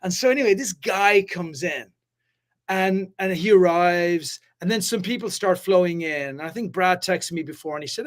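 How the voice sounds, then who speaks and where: A man hosting a live business talk, hyped and fast-flowing, swearing casually and swinging between loud and quiet. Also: high voice. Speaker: host. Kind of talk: energetic live-stream chat.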